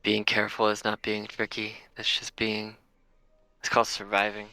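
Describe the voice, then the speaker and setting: A man's voice: fairly low pitch, completely flat delivery, normal speed, creaky, sharp tone, dry recording, rough recording. A man playing his character in a tabletop game, blunt and insistent with a wry edge. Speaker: player.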